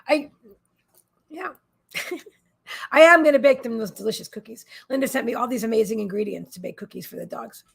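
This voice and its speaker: A woman with a high voice, gravelly and a little husky, chatting from her desk at home. She hosts a psychic live stream and rambles casually between stories, often turning to talk to her pets. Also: brisk, pauses often.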